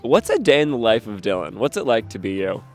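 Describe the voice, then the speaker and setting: A man's voice: on the low side, big pitch swings, brisk, faint music behind. A man interviewing a young child outdoors in the snow, asking playful, teasing questions and reacting with exaggerated surprise.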